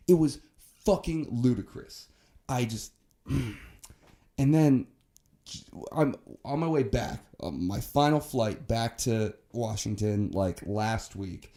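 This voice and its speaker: Young man, podcast co-host, mellow dark voice, profane, heated rant, casual chat. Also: mid-range voice, takes it slowly.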